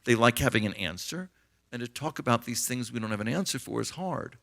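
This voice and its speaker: A man's voice: medium pitch, expressive, a little fast, gravelly, a bit bright. A middle-aged American man, an author and physician, tells anecdotes with many fillers and retold dialogue in a conversational interview.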